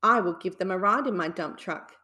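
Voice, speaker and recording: A woman voicing a friendly man who drives a dump truck, speaking gently in a bedtime story. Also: on the low side, brisk. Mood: kindly.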